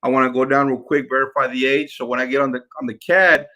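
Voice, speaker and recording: A man's voice: medium pitch, level tone, fast talker, pushed and bright. A man, a real estate investor, coaching his team in a live session, repeating points to drive them home. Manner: repeats words, drills points to his crew.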